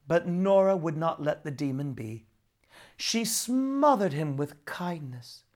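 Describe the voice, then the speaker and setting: A woman reading a children's story aloud with expressive narration. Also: low-pitched, slow.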